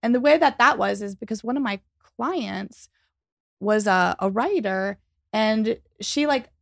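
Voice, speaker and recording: A woman telling a story as a guest in a podcast interview, animated and quick, acting out the people she quotes. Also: fairly high pitch, vocal fry, no echo, clean studio sound. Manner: fast, animated, acts out quoted dialogue. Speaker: psychic medium and author, guest.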